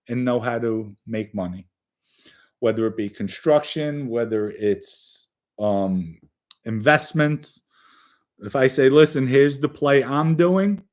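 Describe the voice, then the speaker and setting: A man with a voice of ordinary pitch tells stories in a loose, casual way. He talks bluntly and swears often, pressing hard on his points as he turns to speak straight to young listeners. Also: darkish tone. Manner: blunt, profane, emphatic; direct address to young listeners. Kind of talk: casual storytelling.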